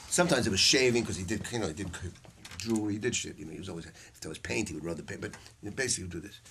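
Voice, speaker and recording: An older man with a low, gravelly voice talks very fast while giving a saxophone masterclass in a music store hall to a small audience. His lecture is casual, profane storytelling; he's animated, acts out quoted voices, and laughs often. Faint background noise and clicks are audible.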